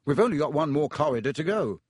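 Brief: man voicing a wry teenage schoolboy, quick, slightly raised, dry read. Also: fairly high pitch, very animated, slightly rough, no room sound. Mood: coaxing. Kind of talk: audiobook character voice.

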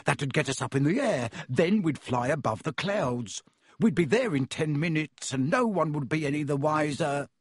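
A man's voice: a little high, animated, normal speed, slightly rough, no echo, clean studio sound. A man voicing an enthusiastic tinkering wizard father who talks proudly and coaxingly.

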